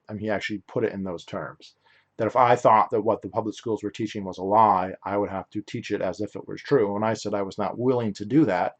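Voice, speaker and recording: A man's voice: fairly low pitch, highs cut off. A young adult man hosting a solo podcast, talking in a rambling, opinionated way with frequent restarts and self-corrections. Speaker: podcast host.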